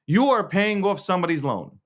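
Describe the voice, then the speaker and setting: A man hosts his own show in a loose, opinionated rant, stumbling over and restarting his words. His voice sits high and swings up and down a lot. He laughs and swears freely as he talks. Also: sing-song, fairly quick. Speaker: show host. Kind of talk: casual political rant.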